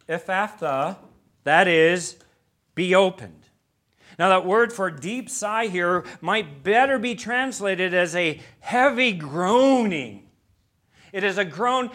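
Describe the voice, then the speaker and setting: A male pastor preaching a sermon, moving between loud emphatic lines and quiet, hushed ones. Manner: preaching with wide swings from loud emphasis to hushed low tones.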